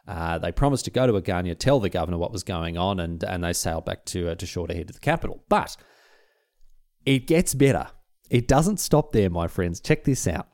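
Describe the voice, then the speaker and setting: A man's voice: low-pitched, animated, brisk, a little mellow. A man telling a history story in a chatty, slangy, comic way as a podcast host.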